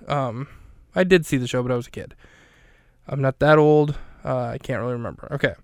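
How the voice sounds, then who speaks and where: A man's voice: mid-range voice, fairly quick, smooth, dry recording. A man hosting a podcast who recaps a film with wry, dry, self-deprecating humor. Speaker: podcast host. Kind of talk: comedic recap commentary.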